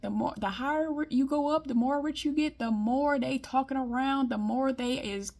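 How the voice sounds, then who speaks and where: Woman from Detroit, vlogger; blunt, emphatic, chatty delivery, voice on the high side. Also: moderate pace, a little mellow. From Detroit, US Midwest. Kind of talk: casual monologue commentary.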